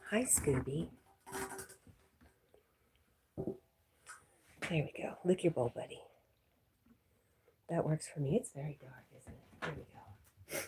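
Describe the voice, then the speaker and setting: Soft-spoken woman, whispering at times. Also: low voice, animated, slow pace, pauses often, noisy background. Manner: soft, often whispering, talks to her dog. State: wheezing. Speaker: livestream host reading chat. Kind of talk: late-night livestream chat with her dog.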